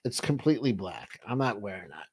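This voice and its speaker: A man's voice: fairly low pitch, animated, brisk, a little mellow, breathy edge. A man hosting a casual livestream, talking in a rambling, profane way with many restarts, and reading out viewer chat. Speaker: livestream host.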